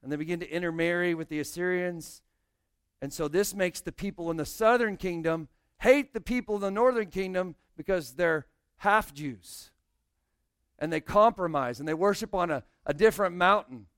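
Clear-voiced male pastor preaching. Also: high-pitched, normal speed, a bit bright, no room sound, clean studio sound. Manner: explanatory, addresses the congregation directly. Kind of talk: sermon.

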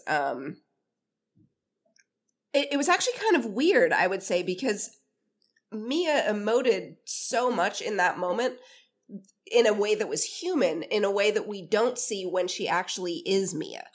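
A woman co-hosting a podcast in casual chat, animated and swearing freely as she wonders aloud. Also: medium pitch, measured pace. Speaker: podcast co-host.

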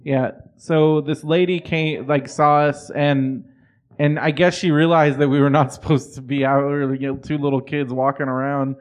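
A man's voice: fairly high pitch, flat delivery, normal speed. A man in his thirties co-hosting a podcast, chatting casually in a laid-back, agreeable way. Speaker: podcast co-host. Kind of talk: casual chat.

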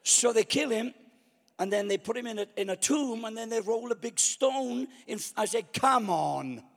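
Man preaching, high-pitched, gravelly, lively storytelling, echo of a big hall. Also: moderate pace. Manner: animated storyteller, acts out his own past thoughts. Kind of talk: storytelling sermon.

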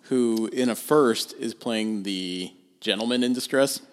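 A man co-hosting a film review podcast, laying out his points in a measured, analytical way and steering the conversation. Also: mid-range voice, smooth. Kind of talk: casual film review chat.

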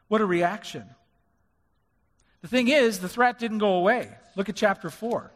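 A male pastor delivers a sermon in a church sanctuary, pushing his points with rising emphasis. His voice sits high for a man. The sound carries a long hall reverb. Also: unhurried, pauses often, fairly bright tone. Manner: preaching with rising emphasis and acted-out quotes.

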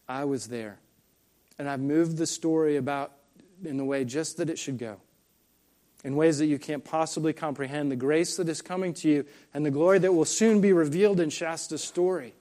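A man voicing a great, solemn male lion, reading his lines slowly and gravely from a storybook. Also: on the high side, dark tone, lightly acted.

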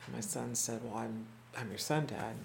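A reflective teacher tells stories to a small gathered group, voicing the people in them as the tale unfolds. The delivery is unhurried and thoughtful, with frequent halting restarts and repeated words. A faint hum of room noise sits behind the voice. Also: mid-range voice, steady tone, vocal fry. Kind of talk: storytelling talk to a small group.

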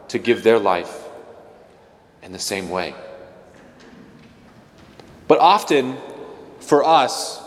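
Casual homily from a low-voiced man. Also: in a large hall, a little hiss or hum. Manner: conversational, joking asides with playful mimicry. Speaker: priest.

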